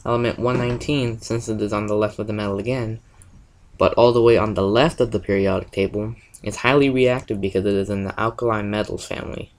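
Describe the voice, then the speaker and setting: A man presenting a school science project, reading a prepared explanation in a steady, step-by-step way. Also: fairly low pitch, quick pace, rough recording.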